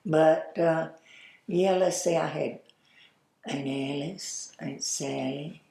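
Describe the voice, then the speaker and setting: A woman's voice: low voice, takes it slowly, creaky, warm tone, echoey room. An older woman with a Southern US accent, telling folksy stories in an oral history interview and laughing as she goes. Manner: folksy, chatty, laughs while telling anecdotes. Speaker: interviewee, former store owner.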